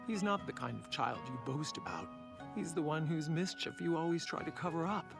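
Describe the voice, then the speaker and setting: A proud, blunt woman leading a ninja village in an anime dub. She speaks firmly and plainly, her voice low and even, with soft music running under it. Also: normal speed, creaky. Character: proud adult female ninja leader, blunt. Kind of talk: anime English dub acting.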